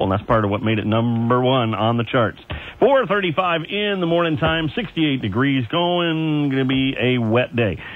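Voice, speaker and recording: A man working as an overnight radio DJ, chatting in a folksy way with chuckles and asides between oldies. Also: mid-range voice. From Ohio. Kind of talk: casual on-air oldies patter. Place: radio studio. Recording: tinny AM radio aircheck with faint music.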